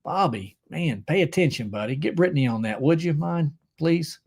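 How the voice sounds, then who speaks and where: A man's voice: fairly high pitch, lively intonation, normal speed, vocal fry, a little mellow, husky. Chummy man hosting a livestream. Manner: joking, chummy, reads out viewer comments. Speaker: livestream host. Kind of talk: casual livestream chat. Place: at home.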